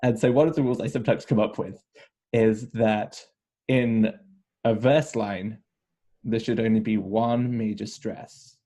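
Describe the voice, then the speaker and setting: A man's voice: lowish voice, steady tone, a little slow, mellow. Man guiding a casual verse lesson. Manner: questioning, lightly teasing. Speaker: co-host leading questions. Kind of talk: casual teaching chat.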